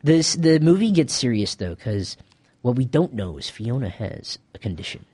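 Man, mid-pitched voice, casual movie chat, relaxed, rambling. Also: slightly rough. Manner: relaxed, rambling, quick laughs. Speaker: video co-host.

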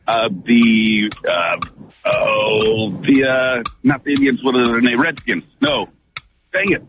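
A man's voice: medium pitch, slow, highs cut off, noisy background. A man playing a radio quiz as a contestant, hesitating over answers. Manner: relaxed, hesitant under pressure. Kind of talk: on-air quiz chat.

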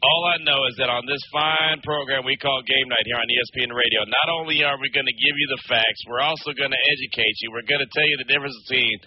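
A man's voice: medium pitch, steady tone, fast, hardly any pauses. A man co-hosting sports radio, joking casually and laughing often. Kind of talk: casual sports talk banter. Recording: muffled radio broadcast audio.

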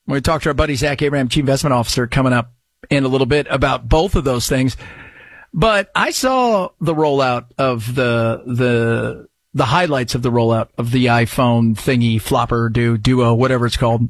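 A man hosting a talk radio show, riffing in an excitable, jokey way. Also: medium pitch, normal speed, dry recording, clean studio sound. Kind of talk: casual talk radio commentary.

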